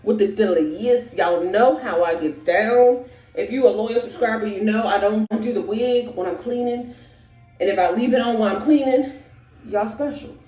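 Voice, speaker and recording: A woman's voice: medium pitch, moderate pace, dark tone. A pregnant young woman, out of breath, chatting straight to her viewers in a casual clean-with-me vlog from her bathroom. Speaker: vlogger. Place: bathroom at home. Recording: echoey home room with faint noise.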